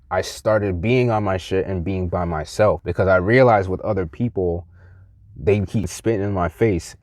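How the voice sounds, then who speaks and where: A man's voice: low voice, a little mellow, no room sound, studio quality. A young man vlogging a heated, profane rant to the camera, mocking other people in quoted voices. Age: young adult.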